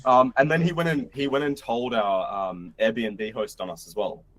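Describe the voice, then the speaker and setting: At a moderate pace and medium pitch, heard on a dry recording, a young Aussie podcast guest relays his travel stories. It's casual and animated, with acted-out quotes and some swearing throughout.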